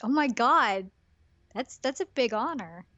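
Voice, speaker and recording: A woman co-hosting a casual podcast, throwing in quick teasing quips and laughing often. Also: a little high, lively intonation, bright, forceful tone, no echo, muffled recording. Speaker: podcast co-host. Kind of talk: casual chat.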